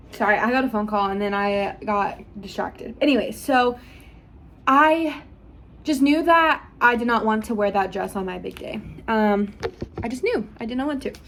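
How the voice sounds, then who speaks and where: A woman's voice: medium pitch, moderate pace, a bit bright. A young woman vlogging at home, gushing and chatty as she tells a story to camera.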